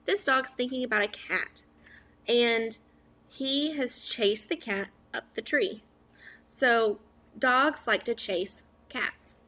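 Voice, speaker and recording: Slow, patient woman teaching phonics. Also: on the high side, sharp tone. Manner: stretches out sounds, asks and praises an imagined class. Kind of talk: slow modeled phonics lesson for young children.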